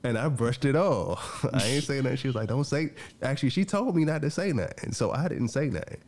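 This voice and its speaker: A man hosting a podcast, telling a personal story in a casual, animated way, acting out what people said and laughing often. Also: mid-range voice, brisk. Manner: animated, acts out quoted lines, laughs often. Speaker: podcast host.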